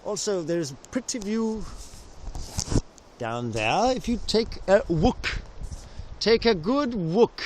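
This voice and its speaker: A man's voice: sits high, expressive, takes it slowly, long pauses, darkish tone, a little hiss or hum. A man whose first language is Danish, rambling through a whimsical, punning improvised monologue outdoors in a forest, recorded on a handheld camera. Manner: whimsical, punning, full of restarts. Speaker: vlogger. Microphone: handheld camera, sometimes left on a tree.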